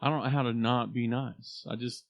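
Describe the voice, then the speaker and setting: A man co-hosts a podcast in loud, joking banter. His voice sits in a middle register and sounds dry and close to the microphone, with almost no room around it. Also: mid-range voice, steady tone, normal speed, gravelly, no echo, dull audio. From Oklahoma. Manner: boisterous, joking, slips into comic voices. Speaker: podcast co-host. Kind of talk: casual chat.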